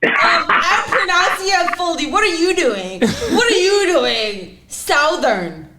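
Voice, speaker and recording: A young woman talking casually as a podcast guest, loud, laughing often and swearing freely. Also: very high-pitched, expressive, unhurried. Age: young adult.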